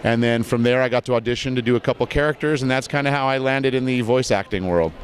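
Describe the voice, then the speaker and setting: Man, lively storyteller, mid pitch, outdoor interview, faint background noise. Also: quick pace. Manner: lively storyteller, mimics voices in anecdotes. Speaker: voice actor guest. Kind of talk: casual interview chat. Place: outdoors at a convention.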